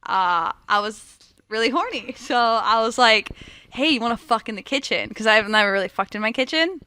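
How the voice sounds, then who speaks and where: A woman's voice: fairly high pitch, expressive, moderate pace, pushed and bright, clean tone. A young woman telling a candid personal story in casual chat, laughing often and filling her talk with "like" and "dude". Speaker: guest.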